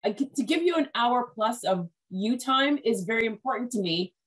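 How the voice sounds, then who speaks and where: A woman hosts a podcast interview over a video call, chatty and rambling with many restarts. Her voice is on the high side and expressive, with a moderate pace.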